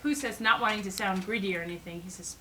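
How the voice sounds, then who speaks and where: A woman's voice: mid-range voice, quick pace, sharp tone, a little hiss or hum, poor audio. A woman eagerly retelling a cartoon story in casual family chat, giggling often and repeating "so anyways".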